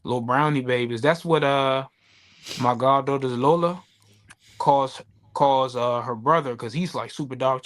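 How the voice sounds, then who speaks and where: A man co-hosting a podcast, chatting casually, telling animated stories, swearing freely and acting out the voices of people he quotes. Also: mid-range voice, normal speed. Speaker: podcast co-host. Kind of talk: casual chat.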